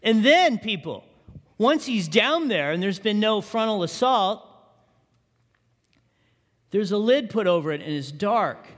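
A man's voice: sits high, sing-song, measured pace, pauses often. A male pastor preaching a sermon, often asking the congregation questions. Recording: long reverb of a large hall.

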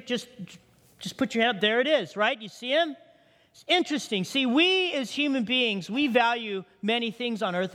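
High-voiced man preaching in a reverberant hall. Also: a bit bright. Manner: conversational preaching, asks the congregation questions. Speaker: pastor. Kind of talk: sermon. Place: church sanctuary.

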